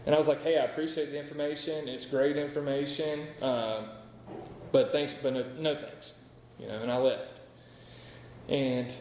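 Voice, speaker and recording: A man's voice: mid-range voice, steady tone, moderate pace, a little mellow, slight background noise. Man telling his story in an echoey hall. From North Carolina. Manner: candid, rambling, full of "like" and "right?". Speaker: AA speaker sharing his story. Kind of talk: personal recovery story told to a meeting. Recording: echoey hall with long reverb.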